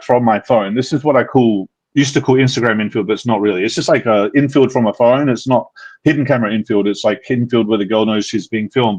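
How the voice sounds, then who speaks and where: A man's voice: mid-range voice, darkish tone, highs cut off. A man with an Australian accent, hosting a live dating-advice Q&A in a casual, rambling way with lots of fillers and restarts. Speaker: dating coach, live Q&A host. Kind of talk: casual live-stream chat.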